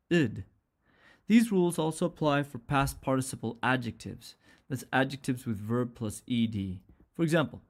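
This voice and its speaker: A man teaching an English pronunciation lesson, speaking carefully and repeating sounds and example words one at a time. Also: mid-range voice.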